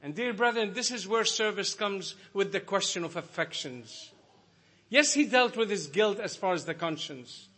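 Guy preaching a sermon, highish voice, bright tone, gets emphatic. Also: animated, moderate pace, slightly rough. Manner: earnest, rising to emphatic preaching.

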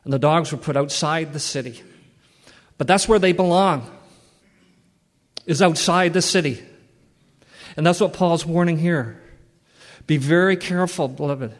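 A man's voice: on the high side, a little slow, long pauses. A man teaching a Bible study in an earnest, plain-spoken way, repeating words for emphasis, in a church hall. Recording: long reverb of a large hall.

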